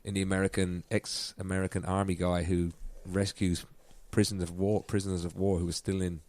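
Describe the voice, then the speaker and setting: A man's voice: deep voice, level tone, a little fast, darkish tone. A man from Ireland with an Irish accent, a guest musician telling a story in casual chat and laughing often.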